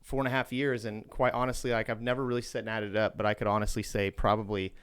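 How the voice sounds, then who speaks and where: A man's voice: lowish voice, flat delivery, fast, a bit bright, smooth. A man from Indiana co-hosting a podcast, talking casually and at length with plenty of "you know" and "like". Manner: talkative, rambling with fillers. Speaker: podcast co-host.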